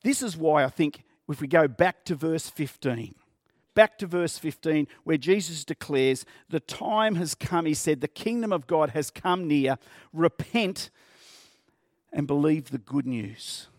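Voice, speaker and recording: A man's voice: a little high, lively intonation, unhurried, no room sound, clean studio sound. A male pastor preaching a sermon in an earnest, conversational way, often repeating words and asking the congregation questions.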